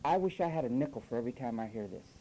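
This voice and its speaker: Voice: mid-range voice, lively intonation, very fast, dark tone, poor audio. A preacher delivering a sermon with sarcastic asides, mimicking the phrases he criticises. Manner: sarcastic, mocks quoted phrases with acted voices.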